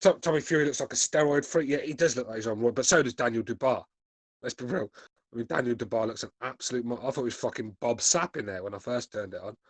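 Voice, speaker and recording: In a dry recording, a fast-talking man with a medium-pitched voice hosts a podcast. He's British, in his forties, and swears bluntly while reading out comments from the chat.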